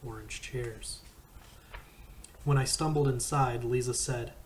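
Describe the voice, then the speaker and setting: A man reading a novel aloud in a slow, measured first-person narration. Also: medium pitch, steady tone, slight background noise, poor audio. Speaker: audiobook reader.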